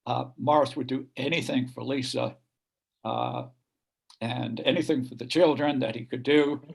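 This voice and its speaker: A man remembering his cousin at a memorial gathering, speaking haltingly with many pauses and fillers. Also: mid-range voice, expressive, gravelly, husky. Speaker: relative giving a eulogy. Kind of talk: memorial speech.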